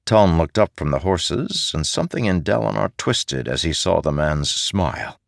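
A man reading an audiobook in an expressive narration style. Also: sits low, moderate pace, gravelly, no room sound, clean studio sound. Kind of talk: scripted narration.

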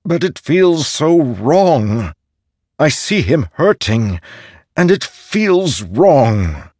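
A man's voice: a little high, very animated, darkish tone, husky, no echo, studio quality, pitched above the performer's own voice, exaggerated voice. A man voicing an insecure male spirit made of stars, who speaks hesitantly and apologetically. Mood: timid, nervous. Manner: hesitant, halting, pleading.

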